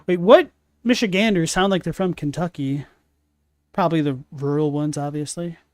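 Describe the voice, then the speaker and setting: A man's voice: fairly high pitch, normal speed, darkish tone, no echo, studio quality. A young man casually commenting on a video game as he plays, reacting aloud and chatting with viewers. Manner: chatty, reacts aloud while playing and answers chat. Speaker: let's play host.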